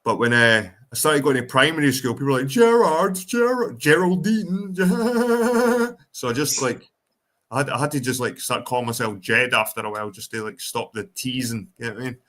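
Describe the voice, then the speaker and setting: A man's voice: mid-range voice, fairly even intonation, quick pace, pushed and bright. Sweary Scottish man hosting a livestream. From Ireland, raised in Scotland. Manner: profane, rambling, reads chat aloud. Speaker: livestream host. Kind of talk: casual livestream chat.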